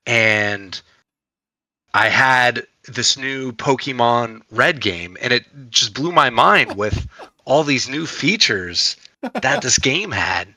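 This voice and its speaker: A man's voice: medium pitch, expressive, slow pace, bright, forceful tone, dry recording, rough recording. A man who is a guest on a gaming podcast, telling long, eager stories with a sarcastic streak. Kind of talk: casual chat.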